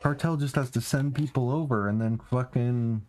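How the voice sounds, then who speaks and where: A man's voice: medium pitch, moderate pace, a little mellow. Profane ranting young Canadian man. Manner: profane, ranting, laughing often. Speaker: streamer. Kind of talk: casual gaming stream chat.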